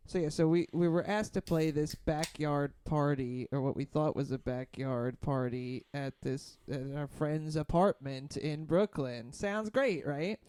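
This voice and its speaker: A man's voice: on the high side, measured pace, few pauses, a little mellow, clean tone. A man hosting a podcast, telling a long rambling story in casual chat, heavy on fillers and swearing, acting out what others said. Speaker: podcast host.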